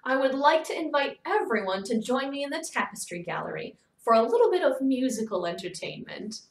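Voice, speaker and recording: A woman voicing a gracious, cheerful society hostess in a read-aloud storybook, speaking up brightly above her narration. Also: fairly high pitch, very animated, normal speed, voice pushed up. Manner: cheerful, polite. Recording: echoey room, distant mic.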